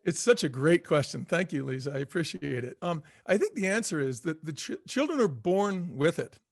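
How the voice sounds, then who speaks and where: A man's voice: on the high side, big pitch swings, moderate pace, dry recording. Earnest middle-aged man, dry close sound. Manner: earnest, reflective, repeats himself, laughs easily. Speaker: guest author. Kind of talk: conversational interview.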